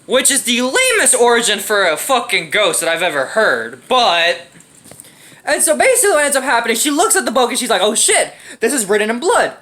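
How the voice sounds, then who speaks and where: A young woman tears into a film in a casual, profanity-laced rant full of sarcasm. Her voice is bright and fairly high, swinging widely in pitch as she riffs. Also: very animated, fairly quick. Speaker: movie reviewer. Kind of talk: casual comedic movie rant.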